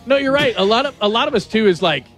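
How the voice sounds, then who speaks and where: A man's voice: very high-pitched, lively intonation, fast, fairly bright tone, faint music behind. A man hosting a radio show in casual, jokey chat and asking his co-hosts questions. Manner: chatty, jokey, asks the others questions.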